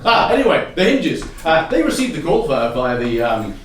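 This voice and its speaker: A man with an English accent telling an improvised comic story on stage, laughing often and picking up shouted suggestions. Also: a little high, normal speed, far from the mic, a little hiss or hum. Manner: animated, laughing often, repeating audience suggestions. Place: theatre stage with live audience. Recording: echoey hall recorded from afar.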